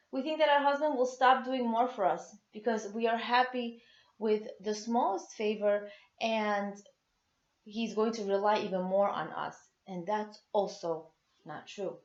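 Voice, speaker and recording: A woman's voice: medium pitch, a little mellow. A woman speaks earnestly to other women about marriage, stressing points by repeating words. Her voice sits in the middle of the range. The recording is roomy and echoing, with a muffled, lo-fi sound. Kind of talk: motivational talk to women. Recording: echoey, dull lo-fi sound.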